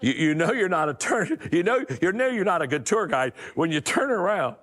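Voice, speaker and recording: A man's voice: sits high, sing-song, brisk, fairly bright tone, long reverb tail. An older man giving a motivational leadership talk, telling folksy stories with frequent restarts and repeated words. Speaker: leadership speaker.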